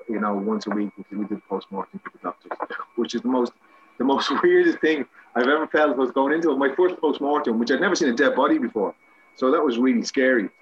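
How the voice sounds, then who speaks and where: A man's voice: medium pitch, muffled recording, a little hiss or hum. An Irish man, a guest actor, telling rambling, self-mocking anecdotes with many restarts in a casual interview.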